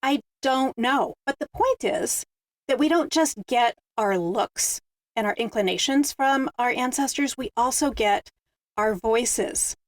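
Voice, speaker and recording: A woman's voice: on the high side, unhurried, dry recording. A woman hosting a panel discussion, speaking in a reflective, storytelling way. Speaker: host.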